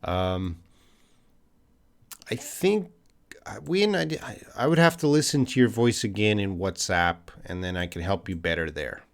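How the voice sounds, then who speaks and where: A man's voice: lowish voice, expressive, unhurried. A man with a Canadian accent, an English teacher, answering viewers' questions in a casual live stream, thinking aloud with fillers and restarts.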